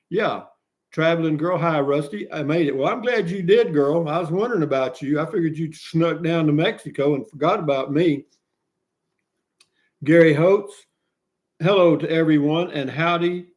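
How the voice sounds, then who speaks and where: A man's voice: on the high side, a little mellow. Folksy man hosting a livestream. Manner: folksy, jovial, chuckles often. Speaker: livestream host. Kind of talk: casual live chat reading viewer comments.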